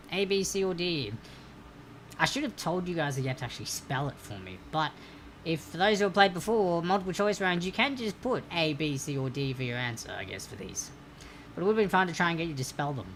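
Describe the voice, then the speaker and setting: Bubbly low-voiced woman hosting trivia. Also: a bit bright, slight background noise. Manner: bubbly, laughs often, playful asides. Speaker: trivia quiz host. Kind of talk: live-streamed trivia hosting, chatty.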